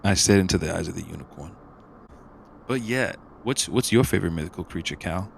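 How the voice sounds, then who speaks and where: A man's voice: low voice, expressive, brisk, vocal fry, a little hiss or hum. A young man co-hosting a podcast, talking loosely with lots of fillers and slang in casual chat. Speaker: podcast co-host.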